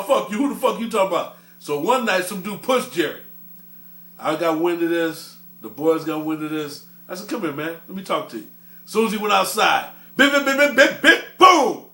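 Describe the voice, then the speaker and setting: A man's voice: fairly high pitch, fairly bright tone. A man telling profane, swaggering stories in casual talk, with many restarts and laughs at his own tales. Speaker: storyteller host. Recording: roomy echo.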